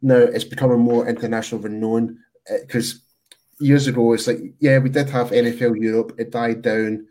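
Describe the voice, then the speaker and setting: A man's voice: medium pitch, little pitch movement, moderate pace, dark tone. A man co-hosting a casual sports podcast, rambling and restarting his thoughts as he goes. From United Kingdom. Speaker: podcast co-host.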